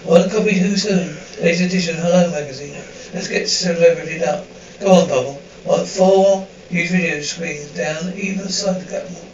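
A woman's voice: on the low side, a little fast, few pauses, a little mellow, close to an everyday voice. An actress playing a frantic, gushing middle-aged fashion PR woman who peppers everything with darling and sweetie, in a sitcom. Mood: bossy. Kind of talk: sitcom acting. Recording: roomy distant dull TV audio.

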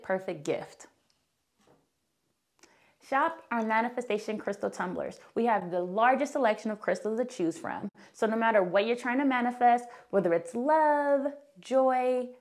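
Chatty woman podcast host. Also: a little high. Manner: chatty, animated, talks directly to listeners. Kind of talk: casual podcast talk with ad read.

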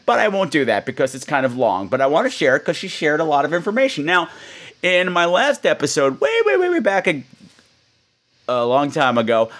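A man's voice: a little high, a bit bright. A man hosting a podcast, chatting in a campy, cheeky, playful way. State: coughing. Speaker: podcast host. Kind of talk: casual podcast monologue.

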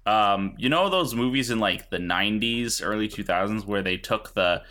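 A man's voice: lowish voice, lively intonation, normal speed, pushed and bright. A man co-hosting a podcast, riffing in casual banter and rambling with fillers. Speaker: podcast co-host.

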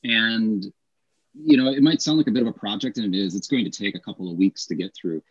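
Male co-host, husky, emphatic explainer, muffled lo-fi sound. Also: fairly low pitch, animated. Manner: emphatic, explains with quick acted examples. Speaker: podcast co-host, English teacher. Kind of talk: casual teaching podcast chat.

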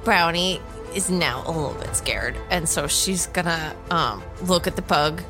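A woman's voice: on the low side, unhurried, music in the background. A woman playing a tabletop role-playing game, talking casually and often laughing. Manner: giggly, casual. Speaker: player.

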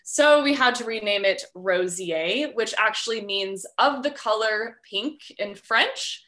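A woman chats as a guest on a podcast, and her voice comes across bright and lively. She explains things at length in a friendly way, with a few ums and light laughs along the way. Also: mid-range voice, unhurried. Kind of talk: casual interview chat.

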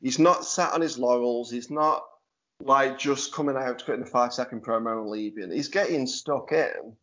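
A man with a Stoke-on-Trent accent hosts a podcast in easygoing chat. His voice sits at a medium pitch, and he talks in a chatty way and laughs easily. The audio sounds dull and lo-fi. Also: moderate pace, fairly bright tone. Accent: Stoke-on-Trent English. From Stoke-on-Trent, England. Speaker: podcast host. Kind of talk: casual chat.

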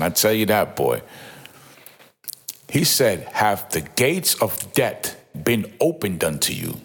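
A man giving an informal, emphatic Bible commentary, often repeating himself and exclaiming in awe. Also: medium pitch. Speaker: Bible teacher.

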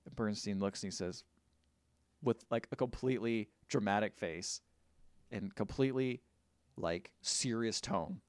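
A man co-hosting a podcast, casually retelling a movie plot in an animated, rambling way. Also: fairly low pitch, takes it slowly, pauses often, clear, resonant tone, dry recording, studio quality. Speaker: podcast co-host. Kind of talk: casual movie recap chat.

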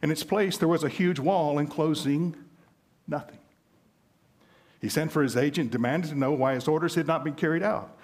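A man's voice: on the high side, normal speed, a little mellow. A man with a Southern US accent preaching a sermon in a conversational way, telling illustrative stories. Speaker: pastor.

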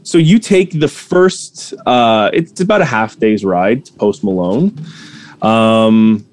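A man's voice: fairly low pitch, a little mellow. A man running a tabletop role-playing game as game master, narrating scenes with frequent stumbles and restarts. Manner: halting, many restarts while describing scenes.

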